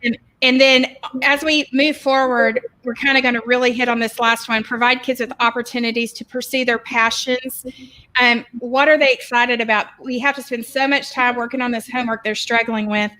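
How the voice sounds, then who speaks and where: A woman's voice: a little high, flat delivery, moderate pace, sharp tone, rough recording. A woman giving an encouraging, teacherly webinar presentation about raising kids. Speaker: educator presenter.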